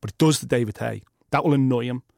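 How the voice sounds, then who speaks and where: A man's voice: mid-range voice, fast talker, creaky, a little mellow, dry recording, studio quality. A man, a boxing journalist co-hosting a podcast, talking emphatically and swearing freely. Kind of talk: casual podcast chat.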